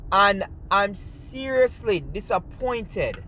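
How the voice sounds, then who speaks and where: Animated Jamaican-accented gaming vlogger. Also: slow, slight background noise. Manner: animated storyteller, jumps higher when quoting friends. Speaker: gaming channel host. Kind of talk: casual reminiscing monologue.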